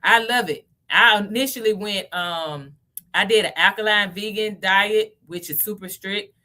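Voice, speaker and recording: A woman in her thirties with a Southern accent from Tennessee hosts a relaxed livestream lesson. Her voice is bright and forward at a middling pitch. She talks chattily to her viewers and keeps checking in with a quick "okay?". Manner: chatty, asks "okay?" often, addresses viewers as y'all. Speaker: crypto livestream host. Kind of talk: casual livestream teaching.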